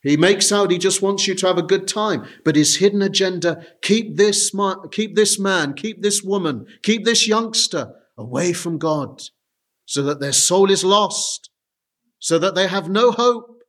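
A man's voice: high voice, unhurried, a bit bright. A man preaching an earnest sermon, often turning to his listeners with direct appeals.

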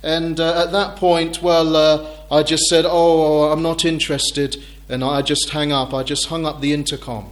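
A middle-aged man preaching a sermon in a measured, thoughtful way, with frequent hesitations. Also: on the high side, level tone.

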